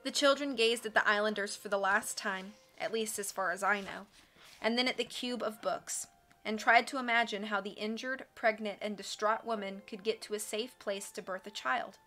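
A woman reading a storybook aloud on a livestream, expressive and voicing each character, with soft music behind her. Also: medium pitch, moderate pace. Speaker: audiobook reader. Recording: faint background music. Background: soft instrumental music.

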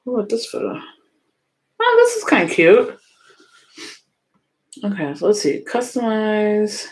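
A woman's voice: mid-range voice, wildly swooping pitch, a little slow. A young woman, casually chatting with viewers on a livestream, sleepy and yawning often. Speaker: livestream host.

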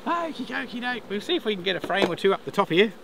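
A man's voice: high voice, sing-song, quick pace, gravelly, crowd noise. A middle-aged Australian man chatting casually with chuckling asides while working his beehives outdoors. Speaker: beekeeper vlogger. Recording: outdoor camera mic, noticeable ambient noise. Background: buzzing bees and insects.

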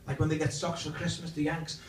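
The recording, made from a distance in an echoey indoor function room, carries faint noise. A man with a higher-pitched, flat, quick voice performs live stand-up there as a comedian and impressionist, cheekily ribbing the audience and hopping between voices.

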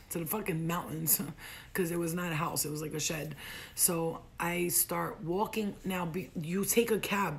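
Gravelly young woman telling a wild story. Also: on the low side. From United States. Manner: animated, profane, acts out quotes in a raised voice. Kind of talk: casual storytelling.

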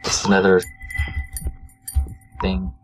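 A man on a call keeping a horror game player company, calm with brief replies. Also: low voice, takes it slowly, soft background music, poor audio. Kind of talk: casual chat.

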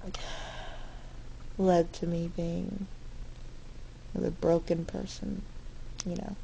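A young woman talks slowly through a candid, rambling video diary from her dorm room, correcting herself as she goes. Her voice is mellow and gravelly, with a faint hum of room noise behind her. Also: on the low side, level tone, poor audio. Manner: rambling and candid, with frequent fillers and self-corrections. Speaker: vlogger.

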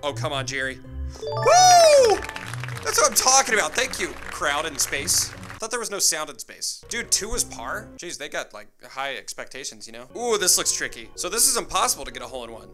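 Excitable young man over game music. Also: fairly high pitch, fairly quick, few pauses. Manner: excitable, joking, talks to himself. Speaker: gaming YouTuber. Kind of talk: casual gameplay commentary. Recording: game music playing underneath.

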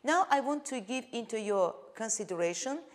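A woman with an Azerbaijani accent teaching an English lesson, speaking slowly and deliberately, spelling out suffixes and pausing with frequent "uh"s. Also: fairly high pitch, animated. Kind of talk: televised classroom lesson.

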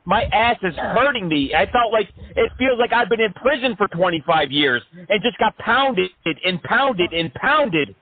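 A man's voice: high voice, animated, measured pace, few pauses, breathy edge, dry recording, heavily acted. A man playing a crude, aggrieved caller who exaggerates his complaint about slipping on a wet floor. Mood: whiny. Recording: phone-like line.

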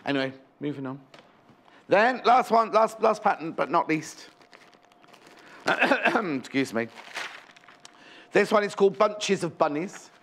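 A man's voice: high-pitched, expressive, slow, pauses often, fairly bright tone, a little hiss or hum. A man presenting a live shopping show, chatting in a bubbly way about the items on show into a clip-on microphone in a TV studio. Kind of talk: live TV sales chat.

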